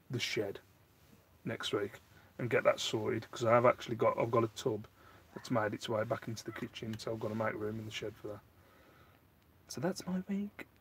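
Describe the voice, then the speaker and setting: A man with a medium-pitched voice hosts a casual live stream, rambling and answering viewer chat with animation and sometimes getting worked up. There is slight background noise.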